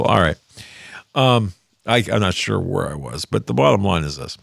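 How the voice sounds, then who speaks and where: Older male commentary host, deep and gravelly, casual rambling delivery, dry home-studio sound. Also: lively intonation, moderate pace, pauses often, no room sound. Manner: rambling, loses his thread and restarts.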